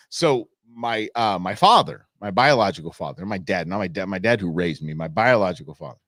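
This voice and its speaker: A man's voice: low-pitched, no echo, clean studio sound. A man hosting a live show, chatting casually with viewers and laughing often as he reacts to their comments. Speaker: livestream show host.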